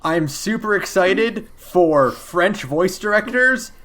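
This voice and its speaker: A man's voice: sits high, lively intonation, slow pace, bright, forceful tone. A man co-hosting a podcast, chatting casually with lots of fillers and dry jokes. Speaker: podcast co-host. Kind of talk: casual chat. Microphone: remote call.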